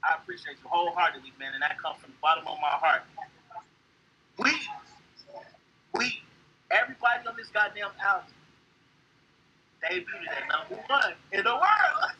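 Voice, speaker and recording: A man's voice: high-pitched, normal speed, long pauses, pushed and bright, breathy edge, muffled recording. A man from co-hosting a podcast, speaking from the heart in casual slang, emphatic and preachy. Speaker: podcast co-host. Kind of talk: casual chat.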